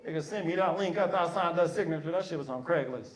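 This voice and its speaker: A man doing stand-up comedy, telling an animated, profane story and acting out the voices of others. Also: a little high, quick pace, background noise. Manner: profane, slangy. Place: comedy stage before a live audience.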